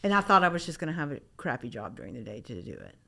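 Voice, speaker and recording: A woman's voice: rumbling low, big pitch swings, racing, creaky, a bit bright. A middle-aged woman artist from Memphis, talking casually in an interview, rambling with many restarts. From Memphis, Tennessee. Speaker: artist guest.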